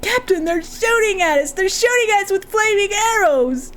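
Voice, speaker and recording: A woman's voice: sing-song, measured pace, full character voice. A woman voicing a timid, mild-mannered little male clerk who cries out in panic. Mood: panicked. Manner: panicky, high and whimpering.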